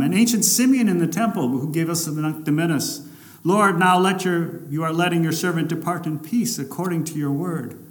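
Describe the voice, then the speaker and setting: A man preaching from the pulpit in a somewhat high voice. He delivers his sermon with dramatic swings, rising loud and forceful on some lines and dropping low and hushed on others. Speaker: pastor.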